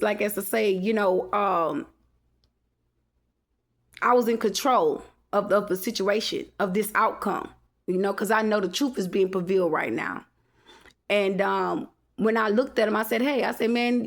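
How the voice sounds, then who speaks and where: A woman's voice: mid-range voice, vocal fry. A woman, venting to camera in a defiant, repetitive monologue full of swearing. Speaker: vlogger.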